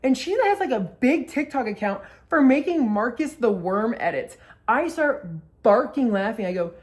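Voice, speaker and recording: A woman's voice: mid-range voice, fast talker, darkish tone. A young woman vlogger telling a story casually, swearing a lot and acting out the quotes.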